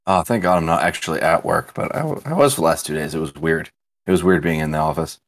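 A man's voice: rumbling low, fast, no echo. A man co-hosting a casual podcast, joking and rambling with frequent restarts. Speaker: podcast co-host. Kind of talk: casual chat.

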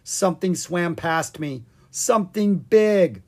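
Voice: medium pitch, expressive, slow, darkish tone, pitched above the performer's own voice. A reader voicing a nervous, sarcastic young boy dragon in a children's storybook, speaking in a worried, dry and whiny way. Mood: wary. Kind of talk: storybook character voice.

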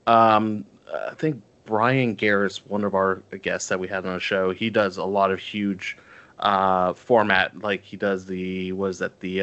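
Low-voiced man rambling on a podcast. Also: a bit bright, smooth, highs cut off. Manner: rambling, many fillers and restarts. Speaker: podcast co-host. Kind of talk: casual chat.

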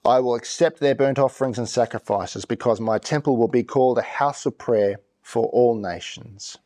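A pastor preaching a conversational sermon, reading scripture slowly and with emphasis. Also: male voice, mid-range voice, mellow.

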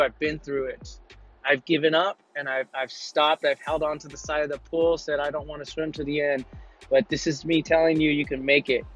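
A man hosting a podcast, telling a motivational story in an earnest way, often repeating himself and restarting his sentences. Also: a little high. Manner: repetitive, earnest, stumbling restarts. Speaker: podcast host. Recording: muffled lo-fi with faint music.

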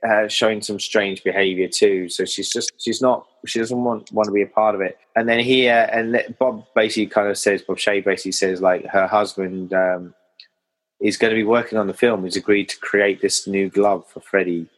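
A man with a lowish voice chats about a movie, walking through the plot. He laughs easily and talks loosely, with plenty of fillers. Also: fairly even intonation, moderate pace, low-quality recording. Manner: chatty, laughs often, retells plot. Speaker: film podcast co-host. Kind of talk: casual film discussion.

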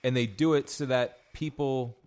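A man in casual chat, mostly giving short replies and quick jokes while his friend tells stories. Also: mid-range voice, fairly even intonation, darkish tone. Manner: brief backchannel replies and quips.

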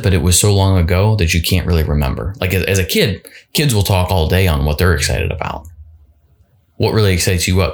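A man hosting a solo motivational podcast, talking casually and often restarting and repeating words. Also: low-pitched. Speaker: podcast host.

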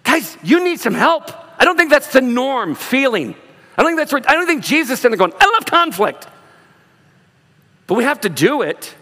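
A man with a notably high voice preaches a lively sermon to his church. He shifts his tone to act out the people he quotes. His words ring out with the long reverb of a large hall. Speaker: pastor.

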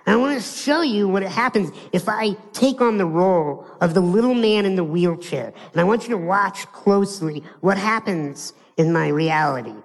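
A man's voice: high voice, normal speed, creaky, few pauses, in a large hall. An American man giving a live motivational keynote, telling stories playfully and speaking straight to his audience. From United States.

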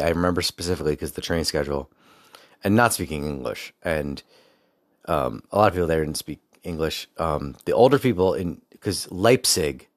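Man, low voice, dry close sound, rambling storytelling with fillers. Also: dry recording. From United States. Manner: rambling, with many fillers and digressions. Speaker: speaker recounting a personal story. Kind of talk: casual storytelling monologue.

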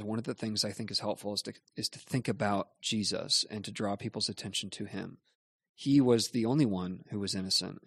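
Earnest pastor, lower voice, dry sound. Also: male voice, breathy edge, dry recording. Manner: measured, earnest explaining. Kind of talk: Bible teaching in a question-and-answer show.

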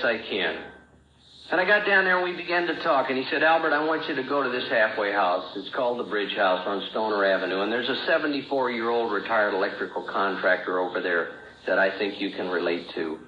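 Guy telling his recovery story to a room, mid-pitched voice, slight hiss behind. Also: brisk. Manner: plain-spoken storytelling, acting out remembered dialogue. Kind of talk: personal testimony at a recovery meeting. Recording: roomy, dull old talk recording.

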